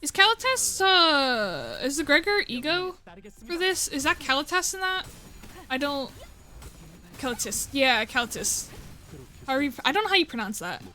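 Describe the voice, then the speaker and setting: A woman's voice: sits high, big pitch swings, normal speed, pauses often, bright, forceful tone. A woman streaming a game, rambling in casual commentary and stumbling over names.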